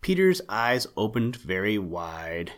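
A man with a fairly low voice reads a children's animal tale aloud. His narration is steady and even, in a classic storybook manner. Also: takes it slowly.

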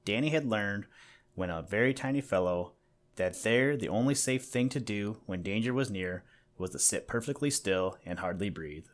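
A man narrates a children's animal storybook in a lowish voice. He reads gently and now and then turns aside to address the listener directly. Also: animated, moderate pace.

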